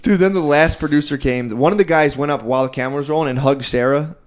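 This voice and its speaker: A man's voice: a little high, fast talker. A man co-hosting a podcast, telling a rambling, profane story in casual chat and tossing in "dude" constantly. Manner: animated, acts out other people's lines. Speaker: podcast co-host.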